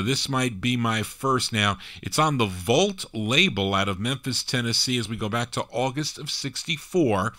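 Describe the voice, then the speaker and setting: A man's voice: lowish voice, sharp tone. A man hosting a live oldies record show as DJ, chatting casually between songs with rambling asides. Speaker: radio DJ host.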